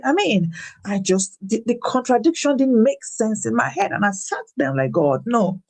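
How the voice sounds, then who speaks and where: Animated woman giving a faith testimony. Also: moderate pace, creaky. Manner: animated, preacherly, swings in pitch when retelling; laughs and repeats words when emphatic. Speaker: guest speaker. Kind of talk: faith-based personal testimony.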